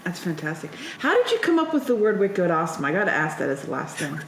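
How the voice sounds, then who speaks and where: A woman's voice: fairly low pitch, sing-song, quick pace, roomy sound, slight background noise. A woman hosting a podcast interview, speaking hesitantly with frequent filler words. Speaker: podcast host. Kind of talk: casual interview talk.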